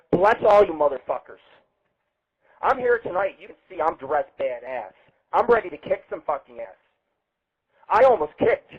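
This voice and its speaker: A man's voice: high voice, husky. A man hosting a live internet radio show, brash, boastful and heavily profane, rambling between topics. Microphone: webcam setup. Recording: tinny lo-fi phone-like sound.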